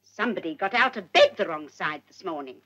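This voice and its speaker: A woman's voice: on the low side, lively intonation, fairly quick, bright, forceful tone, muffled recording, slight background noise. A woman playing a fussy, doting old nanny in a 1950s British film, scolding grown men in baby talk. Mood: scolding, coaxing. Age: older. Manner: baby-talking, scolding like to a child.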